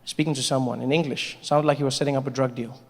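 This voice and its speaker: A man's voice: medium pitch, steady tone, fast, background noise. A man doing a stand-up set, talking directly to the audience in a chatty, conversational way. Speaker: stand-up comedian. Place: large venue, live audience. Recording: live hall with long reverb and faint crowd.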